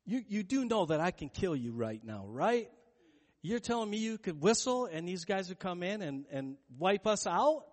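A man's voice: high voice, very animated, normal speed, in a large hall. A man voicing a disbelieving, dismissive male Roman governor in casual modern speech, within a sermon. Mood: incredulous. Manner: casual, modern-sounding slang.

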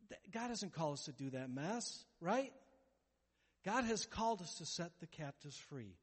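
A man preaching a sermon as pastor, animated and playful, acting out the voices of worried people. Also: a little high, unhurried, slightly rough. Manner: animated, acts out quoted voices, jokes. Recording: long hall reverb.

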